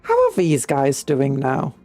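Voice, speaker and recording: A woman's voice: rumbling low, huge pitch swings, a little slow, dark tone, faint music behind. A woman from Britain streaming a strategy game, chatting playfully and humming to herself.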